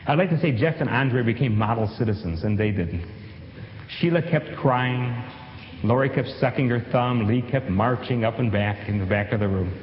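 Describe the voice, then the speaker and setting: A man who used to teach, telling a personal story in a measured way and slowing down on key phrases. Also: medium pitch, a little hiss or hum. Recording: dull sound in an echoey hall.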